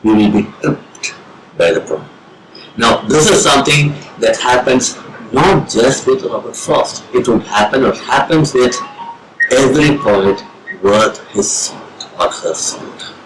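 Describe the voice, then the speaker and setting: Slow, measured Indian English lecturer. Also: male voice, mid-range voice, lively intonation, noisy background. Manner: slow, measured, deliberate with pauses. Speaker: professor of English. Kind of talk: lecture on reading poetry. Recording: roomy with faint ambience.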